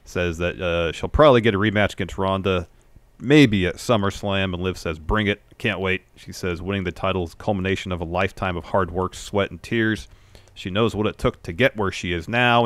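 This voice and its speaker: Deep-voiced dude calmly recapping wrestling segments, dry mic, pretty low-key. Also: male voice, no echo. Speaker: podcast co-host.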